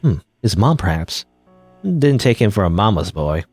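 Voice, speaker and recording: Sardonic young captive read by a man, dry mocking delivery, low voice, lively pitch. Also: moderate pace, slightly rough, dry recording, faint music behind, exaggerated voice.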